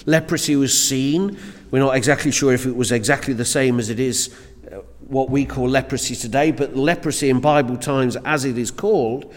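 A man preaching a sermon to a church congregation in an earnest, emphatic way, often repeating words as he builds his points. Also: mid-range voice. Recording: reverberant church hall.

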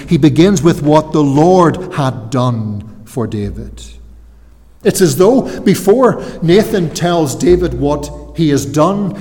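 A man preaching an expository sermon, earnest and emphatic, slowing down to give weight to key phrases. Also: fairly high pitch, a little mellow. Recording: long hall reverb.

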